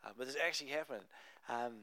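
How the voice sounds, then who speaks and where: A young adult man preaching a sermon, telling a Bible story in a conversational, animated way with casual asides. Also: mid-range voice, fast talker, no room sound. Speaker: pastor.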